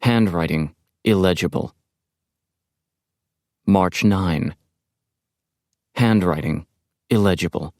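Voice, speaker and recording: A man narrating an audiobook in a measured, even delivery. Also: low-pitched, dry recording, studio quality.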